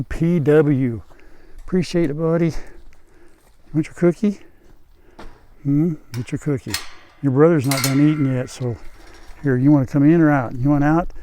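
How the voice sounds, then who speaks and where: An older man on a farm, casually narrating his chores and coaxing his animals in a gentle, folksy way. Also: fairly high pitch. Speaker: farm vlogger. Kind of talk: casual vlog narration while doing chores. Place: outdoor farm, hen house and animal pens.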